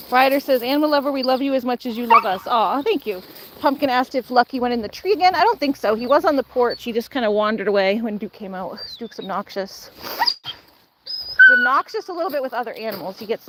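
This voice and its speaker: A woman vlogging outdoors in a back yard, chatting casually and coaxing and scolding excited dogs on a handheld phone. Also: a little high. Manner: coaxing, scolding playful dog talk. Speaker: vlogger dogsitting. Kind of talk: casual chat and talking to dogs. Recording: loud outdoor background noise.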